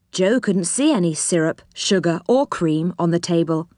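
A woman reading a children's storybook aloud in a gentle, measured way. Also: fairly low pitch, lively intonation, dry recording, studio quality. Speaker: narrator.

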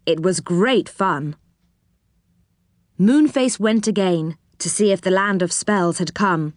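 A woman reading a children's story aloud in a gentle, unhurried storytelling manner. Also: fairly low pitch, dry recording, clean studio sound.

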